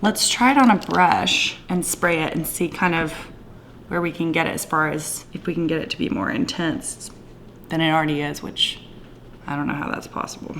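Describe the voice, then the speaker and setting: A woman talking through her makeup in a casual, gushing vlog, with a playful put-on Southern twang and soft whispered asides. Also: low voice, fairly even intonation, normal speed, slight background noise. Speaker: beauty vlogger. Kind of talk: casual makeup tutorial chat.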